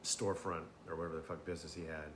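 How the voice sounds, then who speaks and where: A man's voice: a bass voice, little pitch movement, rapid-fire, background noise. A man chatting casually and a bit tipsily, rambling with frequent swearing, fillers and restarts. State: tipsy. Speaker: host.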